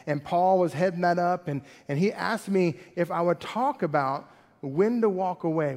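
A man preaching a sermon in a conversational, animated way, asking the congregation many questions. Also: high-pitched. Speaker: pastor. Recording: long hall reverb.

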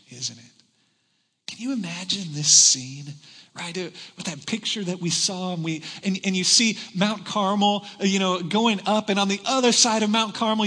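A man preaching a sermon to a large congregation, retelling a story with dramatic swings between shouting and hushed tones. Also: sits high, in a large hall. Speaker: pastor. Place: large church hall.

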